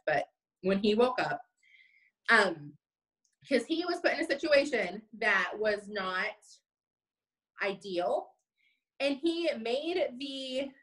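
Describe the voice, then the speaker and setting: A woman's voice: on the high side, a bit bright, rough recording. A woman in her thirties, a sales team leader, giving a chatty, casual live-stream pep talk and reading viewer comments aloud.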